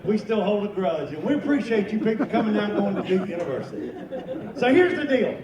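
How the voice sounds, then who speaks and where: A man's voice: high-pitched, sing-song, fast talker, far from the mic, over a noisy crowd. A man in his fifties from North Carolina with a Southern US accent, doing folksy stand-up comedy at a luncheon. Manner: folksy, joking storyteller. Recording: echoey hall mic from afar, noisy.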